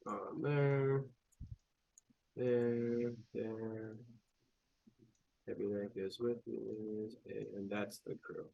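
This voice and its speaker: A man's voice: fairly low pitch, little pitch movement, extremely slow, gravelly, pauses often, highs cut off. Casual male game master narrating. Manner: casual, full of fillers and restarts.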